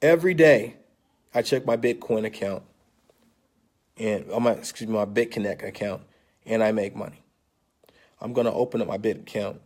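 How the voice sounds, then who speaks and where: A man's voice: on the low side, normal speed, pauses often, darkish tone. An older man talking into his phone camera in a casual vlog, coaxing and salesy, and often checking in with his listeners. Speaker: vlogger pitching an investment. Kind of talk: casual persuasive vlog talk.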